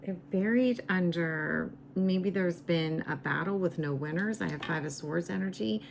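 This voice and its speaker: A woman reading tarot cards in a slow, musing way, her voice going raspy as she loses it. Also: lowish voice, slight background noise. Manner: slow, musing, repeats herself. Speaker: tarot reader.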